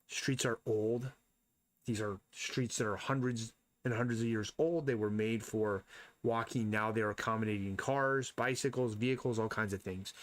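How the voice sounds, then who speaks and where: A man's voice: medium pitch, a bit bright. A man casually chatting on a live stream while he draws, blunt and rambling, often talking to himself about his work. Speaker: artist streaming a drawing session.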